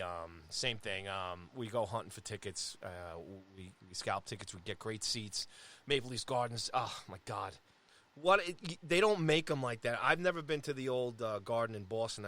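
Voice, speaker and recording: A man, co-hosting a sports podcast and telling a road-trip story in a casual, animated way. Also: lowish voice, normal speed. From Long Island, New York. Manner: animated, acts out quoted voices. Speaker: podcast co-host.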